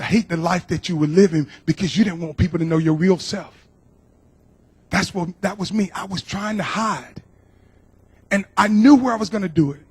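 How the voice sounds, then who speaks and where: Husky middle-aged man giving earnest testimony. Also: on the high side, darkish tone. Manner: earnest, emotional storytelling with repeated phrases. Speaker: guest speaker. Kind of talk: personal testimony to a church. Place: church.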